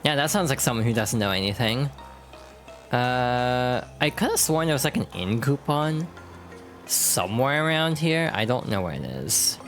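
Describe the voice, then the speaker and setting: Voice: medium pitch, big pitch swings, normal speed, fairly bright tone. Chatty game streamer, casual and self-correcting, desk mic, faint music bed. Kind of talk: casual let's-play commentary.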